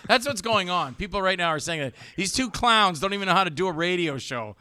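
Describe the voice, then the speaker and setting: A man's voice: high voice, sing-song, fast talker, hardly any pauses, bright, forceful tone, clear, resonant tone, dry recording. Older man hosting a joking radio show. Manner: chatty, joking, acts out others' lines. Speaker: talk show host. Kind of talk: casual live radio talk. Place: radio studio.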